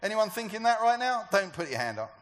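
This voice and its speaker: A man's voice: high voice, big pitch swings, quick pace, fairly bright tone, slight background noise. A man preaching a sermon to a church gathering, talking conversationally and asking the congregation questions. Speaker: pastor.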